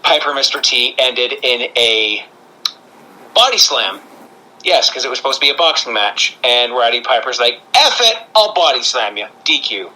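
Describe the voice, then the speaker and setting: A man's voice: medium pitch, normal speed, bright, forceful tone, low-quality recording. A man co-hosting a podcast in casual chat, with jokey playful asides. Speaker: podcast co-host.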